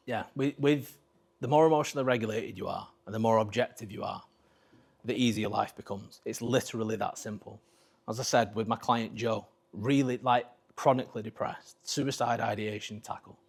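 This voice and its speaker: A man's voice: mid-range voice, gravelly, husky. A man coaching at a live talk, speaking bluntly and swearing freely while he acts out conversations. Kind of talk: live presentation to an audience. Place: talk venue with a screen.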